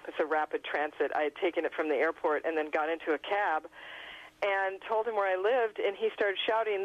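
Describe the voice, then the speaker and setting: A woman telling stories in a radio interview, animated and quick to laugh. Her voice sits at a middling pitch. The audio sounds a little dull and muffled. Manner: animated storyteller, laughs often. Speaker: author guest.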